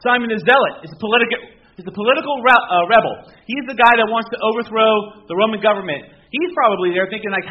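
A man with a fairly high voice delivers a casual, conversational sermon, peppering it with rhetorical questions and rising to emphatic bursts. The recording is dull and lo-fi. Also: fast. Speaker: pastor.

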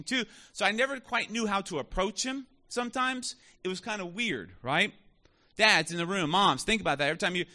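A man's voice: high-pitched, sharp tone. A man in his thirties preaching a conversational sermon in church, often asking the congregation questions. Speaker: pastor.

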